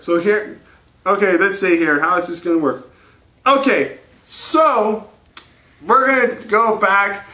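Male storyteller, high-pitched and sharp, crude and rambling, laughing between lines; roomy echo. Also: distant mic. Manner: crude, rambling, laughing often, doing quick character voices. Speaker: host. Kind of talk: improvised comic storytelling. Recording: echoey room.

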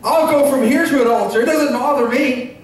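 A man preaching a sermon as pastor, earnest and emotional, with bursts of shouting and laughter. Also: very high voice, a little fast. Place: church sanctuary. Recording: echoey church recorded from far off.

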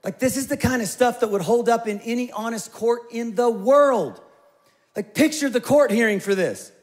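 A middle-aged man preaching a sermon as the church's pastor. His voice sits fairly high for a man. He talks in a conversational way, tells stories with energy and drops in playful asides. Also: moderate pace.

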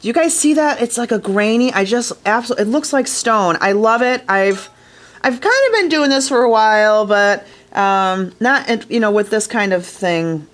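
A woman's voice: fairly high pitch, lively intonation, moderate pace. A woman teaching glass fusing in a casual hands-on tutorial, chatty and enthusiastic, talking straight to her viewers from a studio workshop.

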